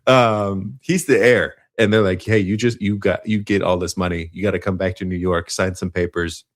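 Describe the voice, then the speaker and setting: Deep-voiced man rambling through a movie recap. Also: steady tone, normal speed. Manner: rambling, self-interrupting, laughs often. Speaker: podcast co-host.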